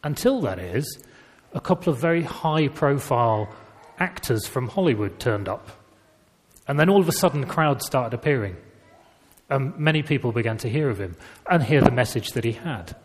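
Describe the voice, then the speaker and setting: A man's voice: mid-range voice, normal speed. A man preaching a sermon in a conversational, storytelling way. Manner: conversational storytelling with lively emphasis. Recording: reverberant church hall.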